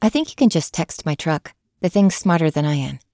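A woman voicing a gruff, centuries-old female blacksmith who talks bluntly and plainly. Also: low-pitched, lively intonation, brisk, darkish tone, dry recording, clean studio sound. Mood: plainspoken.

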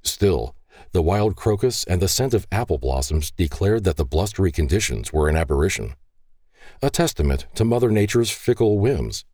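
With a deep voice, this man reads a scripted audiobook narration in a measured, expressive storytelling style, recorded at studio quality with no echo.

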